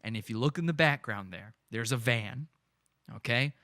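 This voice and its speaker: A man's voice: medium pitch, moderate pace, bright, forceful tone, no room sound, clean studio sound. A man hosting a podcast, giving gleeful, mocking live commentary on stream footage and breaking into laughter. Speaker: podcast host.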